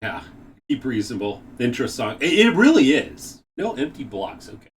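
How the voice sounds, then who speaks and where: A man hosting a live game stream, chatting casually, reading out viewer messages and laughing often with excited exclamations. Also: medium pitch, normal speed, distant mic, a little hiss or hum.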